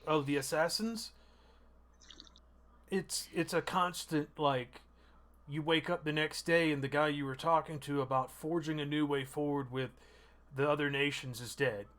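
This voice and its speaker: A man's voice: on the high side, steady tone, moderate pace, fairly bright tone, close to an everyday voice. A man playing a harried male envoy from a troubled town, talking defensively and at length. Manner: defensive, rambling.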